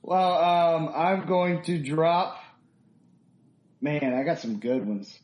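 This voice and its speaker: A man's voice: fairly high pitch, slow pace, darkish tone. A man co-hosting a casual podcast, teasing his friends playfully. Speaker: podcast co-host. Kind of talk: casual chat. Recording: roomy echo.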